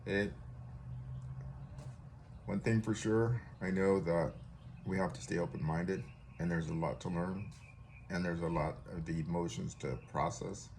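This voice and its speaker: A man from California with a low, deep voice tells a rambling story in a casual way. He restarts and corrects himself as he goes. A faint noise sits underneath. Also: steady tone, measured pace, long pauses, a little mellow.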